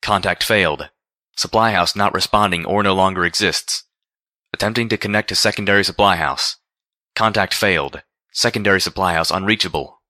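A man's voice: sits low, a little fast, pushed and bright, no echo, clean studio sound. A man voicing a dispassionate automated security system making announcements over speakers.

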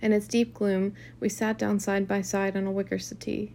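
A woman's voice: medium pitch, little pitch movement, normal speed, vocal fry, mellow, a little hiss or hum. A woman reading a classic novel aloud in a casual, unpolished way, with occasional restarts and asides. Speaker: reader.

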